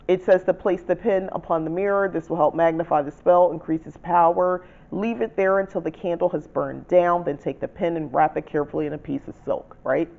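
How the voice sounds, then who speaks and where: Man, gravelly voice, a bit high, casual spell-writing tutorial, self-correcting, lo-fi home video. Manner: chatty, self-correcting, laughs softly, reads spell lines slowly. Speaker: channel host teaching spell writing. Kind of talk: casual how-to explanation.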